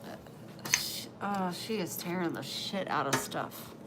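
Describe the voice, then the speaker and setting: Casual home vlogger, woman, middle-aged, unhurried and chatty, noisy home recording. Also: lowish voice. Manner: chatty, animated self-talk. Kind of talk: casual vlog chat. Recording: background noise.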